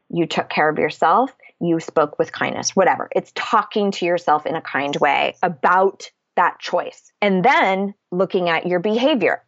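A woman's voice: fairly low pitch, no echo. Candid woman with a dull, dry sound. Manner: candid, explanatory, swears casually. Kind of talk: casual podcast conversation.

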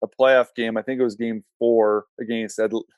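A man's voice: mid-range voice, little pitch movement, normal speed, darkish tone, dry recording. A middle-aged man, a former pro hockey goalie, telling a rambling, self-correcting story in casual talk and laughing at himself.

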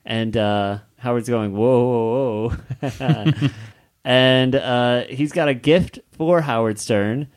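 A man with a mid-range voice retells a comic's plot in a relaxed podcast chat. He moves from panel to panel, adding quick asides. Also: medium pitch, clear, resonant tone. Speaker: podcast co-host.

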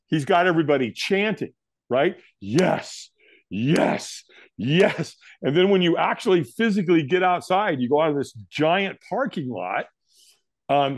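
Animated middle-aged male storyteller. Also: a little high, no room sound, clean studio sound. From United States. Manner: animated storyteller, acts out quotes. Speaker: guest. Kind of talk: storytelling interview.

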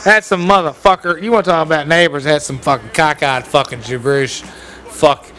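A man with a drawl tells a heated story at full speed, swearing freely and playing every voice in it himself. His voice sits high and sounds bright and sharp. Faint music hums underneath. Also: normal speed. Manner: profane, animated, acts out both sides of arguments. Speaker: podcast co-host. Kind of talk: casual storytelling chat.

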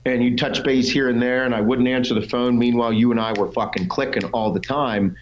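A man's voice: mid-range voice, steady tone, fairly quick, lo-fi sound, slight background noise. A man, a pro bodybuilder, telling his story as the guest in a casual interview, blunt and full of swearing. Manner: blunt and profane, voices others in quotes.

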